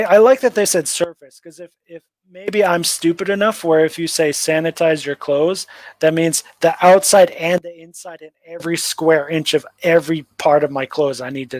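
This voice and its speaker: Male streamer, sarcastic and mocking, fairly high voice, dry untreated sound. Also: no room sound, rough recording. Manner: sarcastic, mocking, rambling with many "like" fillers. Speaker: livestream host. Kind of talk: casual livestream commentary. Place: home livestream setup.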